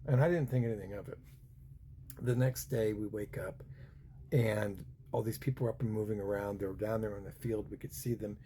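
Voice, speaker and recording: A man in his fifties tells a story in a loose, meandering way. His voice is low and gravelly, with a mellow, dark tone. Faint ambient noise sits behind him. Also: fairly quick. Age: 50s. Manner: rambling, with many fillers and restarts. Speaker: vlogger. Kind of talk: casual storytelling.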